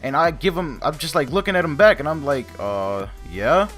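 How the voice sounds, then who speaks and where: Animated, foul-mouthed young man telling a story. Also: a little high, fast talker, soft background music. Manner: animated, profane, self-mocking. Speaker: vlogger. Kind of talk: casual storytime.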